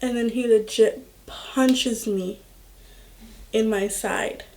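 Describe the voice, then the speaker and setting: Slow-talking young woman telling a story. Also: a little high, fairly even intonation, darkish tone. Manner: slow, halting storytelling full of "like" fillers. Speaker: vlogger. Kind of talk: storytime vlog.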